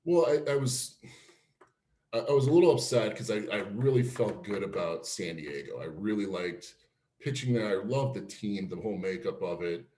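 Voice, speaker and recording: A former pro pitcher from Cleveland telling career stories in a casual interview, laughing often and acting out quotes. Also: male voice, moderate pace, reverberant. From Cleveland, Ohio. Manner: animated storyteller, laughs often, acts out quotes.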